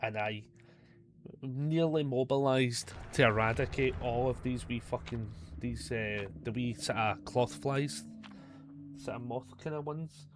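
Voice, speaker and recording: A Scottish man talks his way through a game stream in a mid-pitched, chatty voice, with a faint hiss under him. He swears freely and laughs off his own blunders. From Scotland. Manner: chatty, swears a lot, quick to self-mockery. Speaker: gaming streamer. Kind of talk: casual live gameplay commentary.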